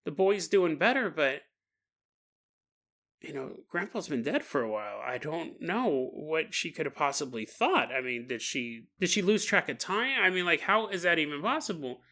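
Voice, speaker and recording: A man's voice: a little high, very animated, normal speed, bright, forceful tone, heavily acted. A man voicing a flustered young woman. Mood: confused. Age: 20s. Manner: hesitant, flustered. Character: confused young woman in her twenties.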